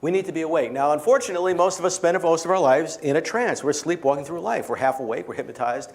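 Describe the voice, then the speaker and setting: Man, keynote speaker, a bit high-pitched, playful storyteller, live audience talk. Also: fast talker.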